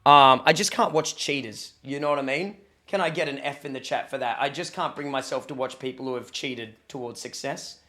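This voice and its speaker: A man's voice: medium pitch, brisk, few pauses, bright, forceful tone. A young Australian man, a streamer, chatting casually with his viewers, joking and reading the chat aloud, a bit sniffly from hay fever.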